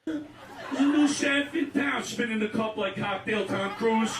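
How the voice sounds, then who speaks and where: A high-voiced man on a call, chuckling his way through a comic story. His line sounds far off and roomy, with loud hiss and clicks behind him. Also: unhurried, a crowd in the background. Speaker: caller telling a story. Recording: distant echoey call with loud noise.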